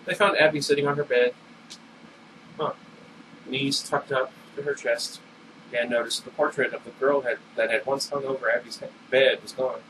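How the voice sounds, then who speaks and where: A man's voice: mid-range voice, fairly even intonation, normal speed. A man reading a novel aloud in a casual storytelling way, stumbling and correcting himself as he goes. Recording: distant mic with air-conditioner hum.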